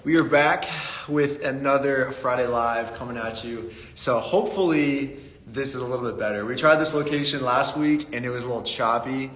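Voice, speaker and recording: A man's voice: medium pitch, steady tone, normal speed, a bit bright. A young man from Pittsburgh hosting a casual live-stream Q&A, upbeat and greeting viewers by name. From Pittsburgh, USA. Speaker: livestream Q&A host. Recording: echoey room with long reverb.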